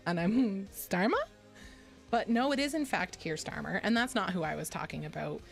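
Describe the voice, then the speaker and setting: A woman hosts a laid-back stream, rambling and giggling as she pokes fun at herself. Her voice sits at an ordinary middle pitch, close to a desk mic. Soft music plays faintly behind her. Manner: rambling, giggly, self-deprecating. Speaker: VTuber streamer. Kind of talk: casual chat stream.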